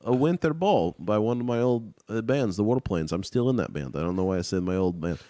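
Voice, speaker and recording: A man's voice: on the low side, expressive, a little fast, dark tone, dry recording. A young man hosting a podcast, casual and joking, with profane banter. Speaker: podcast host. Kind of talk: casual chat.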